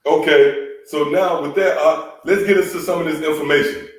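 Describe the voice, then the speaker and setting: A man's voice: fairly high pitch, steady tone, moderate pace. A man leading a scripture lesson in a preaching style, emphatic and repeatedly calling out "man" and "come on.". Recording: echoey room, voice from a distance.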